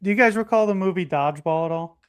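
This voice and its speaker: A man appearing as a guest on a podcast, chatting casually in a friendly, halting way. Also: high-pitched. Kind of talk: casual chat.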